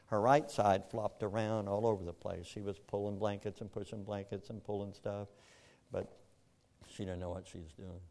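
A man with a drawl and a somewhat low voice tells a personal story. He speaks plainly and earnestly, moving between quiet and more forceful stretches. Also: flat delivery, normal speed. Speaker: speaker telling his story. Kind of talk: personal testimony.

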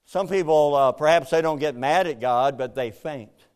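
A man preaching a sermon to a congregation, animated, jumping into loud, high acted-out voices. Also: moderate pace, smooth. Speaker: pastor.

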